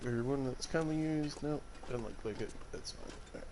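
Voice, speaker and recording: A man's voice: medium pitch, fairly quick, background noise. A man from Alabama with a Southern US accent, chatting and joking to viewers while streaming a survival game. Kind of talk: casual gameplay commentary.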